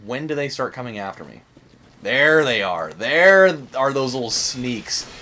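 A man's voice: mid-range voice, big pitch swings, a little slow, bright, forceful tone. A young man hosting a let's-play, rambling and joking in casual commentary, swearing and saying "like" a lot. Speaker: gaming channel host.

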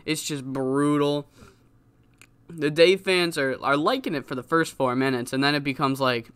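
A man's voice: fairly high pitch, moderate pace, fairly bright tone, smooth, no echo. A man giving casual, rambling commentary on a wrestling game, swearing often. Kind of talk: casual let's-play commentary.

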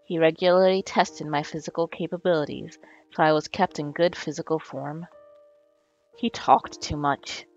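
Low-voiced woman reading game text. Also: steady tone, moderate pace, lo-fi sound, soft background music. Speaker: let's play co-host. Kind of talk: reading game dialogue aloud and chatting.

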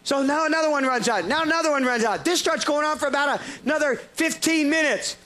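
A male preacher delivers a sermon story in a very high, bright voice. He is animated and laughs often, stumbling over restarts as he goes. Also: fast.

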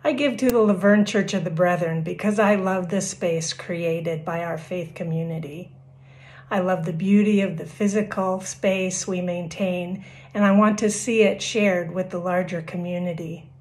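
A woman's voice: fairly low pitch, fairly even intonation, normal speed, a little mellow. A woman sharing a sincere personal statement about why she gives to her church. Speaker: church member. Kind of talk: personal giving testimony.

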